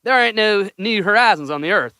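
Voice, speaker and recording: Excitable young man with a bright, lively voice. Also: sits high, brisk, smooth, no room sound, clean studio sound. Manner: laughs often, excitable, swears casually. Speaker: podcast co-host. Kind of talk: casual chat.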